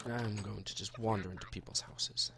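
A man's voice: fairly low pitch, steady tone, normal speed, vocal fry, fairly bright tone. A young man narrating his own gameplay in a chatty, jokey way, talking to the characters he meets. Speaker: gaming YouTuber. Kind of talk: let's-play commentary.

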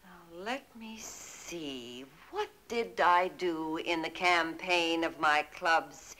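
A woman's voice: on the low side, takes it slowly, sharp tone, rough recording. An actress playing a prim, fussy middle-aged woman in a 1960s sitcom, theatrical and gushing. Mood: scheming.

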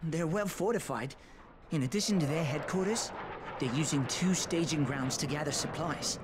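A man's voice: a little high, moderate pace, very noisy, close to an everyday voice. An actor playing a cheerful, tech-savvy male survivor with a British accent, speaking in a friendly, upbeat way. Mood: briefing.

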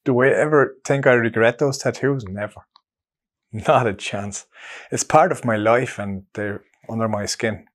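A man's voice: mid-range voice, unhurried. A German man with an Irish accent, chatting casually and with self-mockery as an interviewee in a documentary, now and then searching for an English word. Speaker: interviewee, musician.

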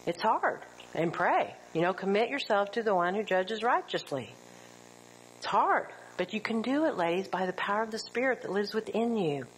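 A middle-aged woman teaching a women's Bible study, lively and full of rhetorical questions, sometimes acting out quotes. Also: mid-range voice, normal speed, a little hiss or hum, poor audio.

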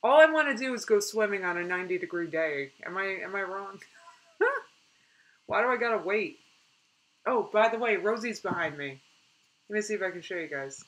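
A young woman chatting casually on a live stream, reading out viewer comments in an animated way and laughing often. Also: medium pitch, moderate pace, pauses often, slight background noise, low-quality recording.

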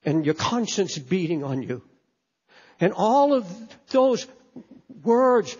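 A man's voice: high voice, expressive, slow pace, a little mellow, slightly rough. A man preaching a sermon, impassioned and emphatic, often repeating words as he presses a point. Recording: echoey hall, dull lo-fi sound.

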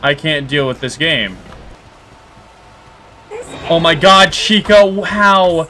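A man hosting a horror game playthrough, talking casually and reacting loudly, yelping at scares and grumbling when frustrated. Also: fairly high pitch, lively intonation, slow, long pauses, over music. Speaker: gaming video host. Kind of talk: let's play commentary.

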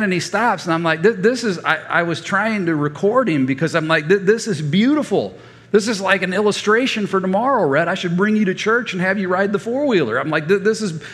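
Fifty-something preacher, folksy storyteller, kinda high voice, stumbles and restarts a lot, big echoey church. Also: male voice, normal speed. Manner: folksy, animated, frequent stammered restarts. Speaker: pastor. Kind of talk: storytelling sermon. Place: church sanctuary. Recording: reverberant church hall.

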